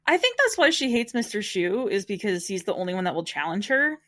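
This young female podcast co-host has a mid-range, fairly bright voice and speaks briskly with lots of animation. The chat is casual and loose, full of fillers and giggles, and she sounds sleepy and keeps hiccuping.

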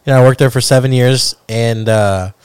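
A man's voice: mid-range voice, steady tone, a little fast, darkish tone, clear, resonant tone, no room sound. A man co-hosting a casual podcast chat, rambling with lots of fillers and slang. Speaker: podcast co-host. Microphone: headphones.

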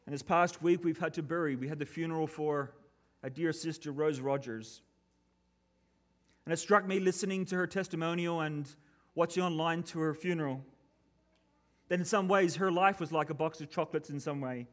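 A pastor delivering a sermon, reading scripture and then preaching in an earnest, measured way. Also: male voice, on the high side.

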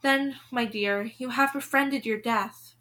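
A woman reading a storybook aloud, voicing a fearful old woman held captive, who speaks slowly and with pity. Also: on the high side, sharp tone. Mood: grave. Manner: hissing, then slow and pitying.

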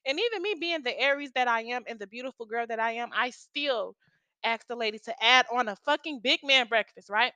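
A woman's voice: on the high side, a little fast, bright, forceful tone, clean tone, no echo. A young woman telling a story in a casual vlog, with lots of slang and profanity. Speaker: storytime vlogger.

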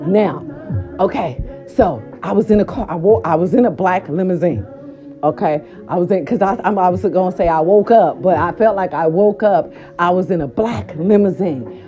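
A middle-aged woman telling a story casually to her viewers, animated and profane, repeating her filler words. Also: lowish voice, moderate pace, highs cut off, soft background music. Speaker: vlogger.

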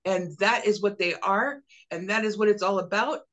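A man's voice: high voice, normal speed, sharp tone. A man hosting a podcast, talking insistently and repeating himself as he tells stories. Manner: insistent, repetitive, storytelling. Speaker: podcast host. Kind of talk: casual podcast chat.

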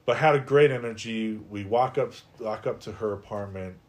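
A middle-aged man with a somewhat low voice tells his own story as a podcast guest. He talks in a casual, animated way, with frequent "like"s, and his voice rises when he acts out his own doubts. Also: moderate pace. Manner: animated, conversational, heavy use of "like". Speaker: podcast guest, life coach. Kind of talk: personal storytelling in a podcast interview.

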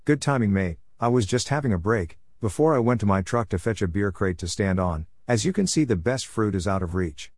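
A man's voice: lowish voice, animated, fairly quick, hardly any pauses, a little mellow, no room sound. A man voicing a brash, mocking middle-aged former school bully, in a close, dry recording. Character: cocky rough middle-aged male ex-bully.

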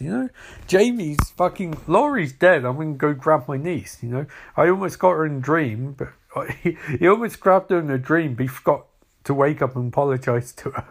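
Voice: medium pitch, lively intonation, moderate pace. Casual, profane watch-along commentator, voice bouncing up and down a lot, filler-heavy rambling. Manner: rambling, profane, frequent fillers and laughing reactions.

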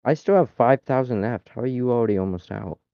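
A man co-hosting a casual podcast, reading silly AI-written text aloud in a deadpan way and cracking up. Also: mid-range voice, quick pace, gravelly, dry recording. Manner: reads deadpan, breaks into laughter. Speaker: podcast co-host. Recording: dry, dull lo-fi mic.

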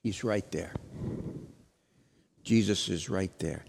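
A man preaching an Easter sermon as pastor, dramatic, moving from loud questions to hushed lines. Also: low voice, takes it slowly, creaky, in a large hall, slight background noise.

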